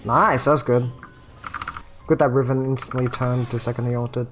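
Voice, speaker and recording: A man streaming a video game, muttering about his play and bursting into frustrated shouting and swearing. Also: mid-range voice, steady tone, normal speed, faint music behind. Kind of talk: live game commentary.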